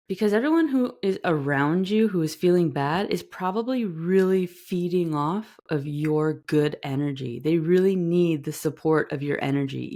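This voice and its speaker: A woman's voice: sits low, darkish tone. A woman hosting a self-help podcast, talking earnestly in a casual monologue and acting out little quoted voices. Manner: earnest, talks animatedly, acts out quoted voices. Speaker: podcast host.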